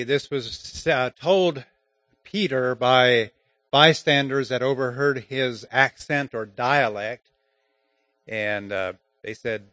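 Male preacher giving a sermon, slow and halting delivery, mid-range voice, dry sound. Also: medium pitch, a bit bright, no echo. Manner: halting, many fillers.

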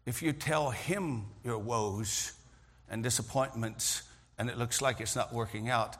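A middle-aged male pastor preaching a sermon, telling stories earnestly and often clearing his throat. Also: mid-range voice, a bit bright. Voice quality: gravelly, husky voice. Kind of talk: sermon with storytelling.

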